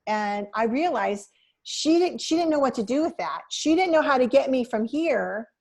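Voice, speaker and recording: A woman's voice: high-pitched, lively intonation, normal speed. A woman being interviewed as a hypnotherapist. She tells client stories and personal experiences in an earnest, reflective way. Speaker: hypnotherapist guest. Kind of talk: conversational interview.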